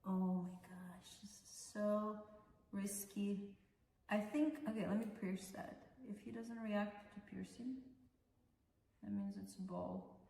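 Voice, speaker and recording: A woman's voice: medium pitch, steady tone, takes it slowly, mellow, distant mic. A young woman vlogging in casual chat as she grooms her cat, mixing English and Russian, fussing over the animal. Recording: echoey room, voice from off-mic.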